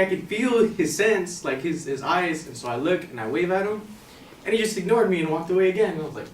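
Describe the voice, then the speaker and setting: A young man telling a personal story on stage in a casual, animated, slangy way. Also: high-pitched, quick pace, distant mic. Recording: roomy hall from afar, faint noise.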